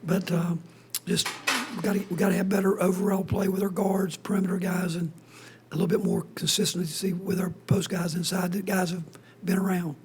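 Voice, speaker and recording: A man speaking as a basketball head coach at a postgame press conference, hoarse with his voice nearly gone, in a breathy half-whisper that keeps stopping and restarting sentences. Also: high-pitched, little pitch movement, darkish tone, slight background noise. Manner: halting, restarts sentences often.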